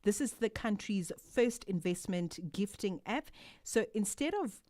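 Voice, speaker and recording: A woman's voice: mid-range voice, animated, measured pace, darkish tone. A woman hosting a live drive-time radio show from a studio, upbeat and enthusiastic as she introduces a guest. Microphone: studio microphone.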